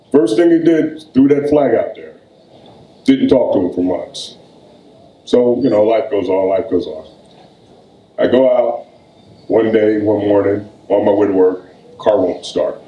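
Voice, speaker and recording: A man, a poet reading his work at a live event, with slow, weighty delivery and loose conversational storytelling between poems. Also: medium pitch, mellow. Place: event room. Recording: echoey room.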